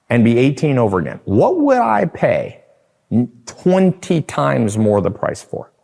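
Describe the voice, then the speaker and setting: A man delivering an emphatic, persuasive sales pitch, repeating phrases for emphasis and addressing the listener directly. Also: vocal fry, darkish tone, slightly rough, long reverb tail. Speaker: online course marketer. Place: large house at night.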